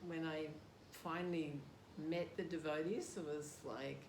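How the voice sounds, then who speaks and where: A woman's voice: low voice, steady tone, a little slow. An older woman with an Australian accent, telling a story with laughter and self-deprecating humor in a casual interview. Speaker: interviewee, devotee. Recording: roomy with background noise.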